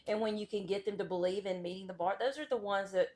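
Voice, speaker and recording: A woman's voice: mid-range voice, fairly even intonation, quick pace, a little mellow. A middle-aged woman, a school vice principal as a podcast guest, giving candid, emphatic opinions in easy conversation. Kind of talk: casual interview chat.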